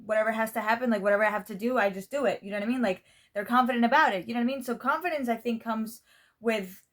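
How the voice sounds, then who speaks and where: A woman's voice: fairly high pitch, rapid-fire, fairly bright tone. Candid young Spanish woman with an American-style accent. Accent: American-style English pronunciation. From Spain. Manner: candid and rambling, constant "you know what I mean", swears freely. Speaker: vlogger. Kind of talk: casual talk to camera.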